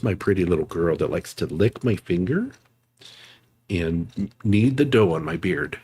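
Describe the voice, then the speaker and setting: Chatty, low-voiced male streamer. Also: expressive, a little slow, a little mellow, breathy edge. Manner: chatty, laughs easily, reads and thanks chat. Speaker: live streamer. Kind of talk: casual live-stream chat while playing a game.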